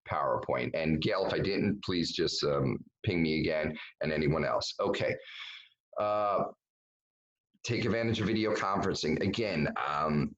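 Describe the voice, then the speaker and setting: A man's voice: rumbling low, dull audio. A man giving a webinar presentation over a video call, talking bluntly and casually with lots of fillers and restarts.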